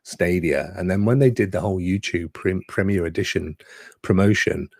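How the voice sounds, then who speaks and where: A chatty man co-hosting a live gaming show, his lowish voice gravelly with a fry at phrase ends. He swings his pitch freely as he talks, and the recording is dry and close with no room sound. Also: normal speed, no echo. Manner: chatty, laughing, rhetorical asides. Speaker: podcast co-host. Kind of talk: casual live stream chat.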